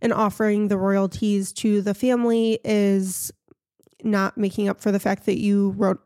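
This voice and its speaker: A woman's voice: mid-range voice, flat delivery, moderate pace, dark tone, dry recording, studio quality. A woman hosting a casual podcast, frank and opinionated, telling a story to her co-host.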